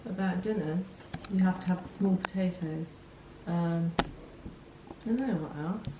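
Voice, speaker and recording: A middle-aged mother with a low, deep voice, chatting in a roomy dining room that echoes noticeably. She keeps it easygoing, answering with short, agreeable replies. A faint background hum is audible. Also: unhurried. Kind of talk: casual chat.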